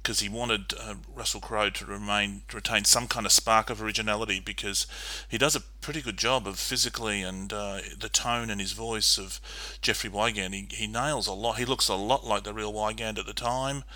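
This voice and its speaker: A man co-hosting a film podcast, recapping scenes in a steady, methodical way with frequent ums. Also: on the low side, fairly quick, no room sound. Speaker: podcast co-host. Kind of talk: casual film discussion and plot recap.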